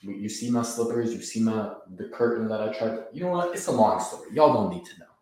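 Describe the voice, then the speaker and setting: A man's voice: on the low side, lively intonation, fairly quick, very noisy. A young man in his twenties hosting a casual livestream at home, hyped and slangy, laughing often as he chats. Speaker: host of a fan livestream. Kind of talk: casual live chat. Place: room at home. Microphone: camera set on the floor. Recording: roomy echo.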